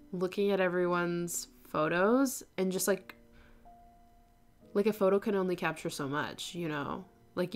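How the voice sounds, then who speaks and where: Young female streamer, casual and gushing, lots of "um" and "like", soft music bed behind. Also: mid-range voice. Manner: chatty, effusive, lots of fillers like "um" and "like". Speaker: knitting livestream host. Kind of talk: casual livestream chat reading viewer posts.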